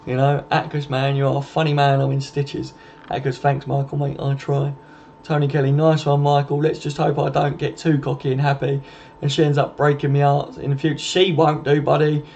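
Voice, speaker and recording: A man hosts a casual live stream, answering comments with laddish, swearing banter. His voice sits a touch high. The sound is slightly dull, with a faint hum behind him. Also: completely flat delivery, brisk, creaky, darkish tone.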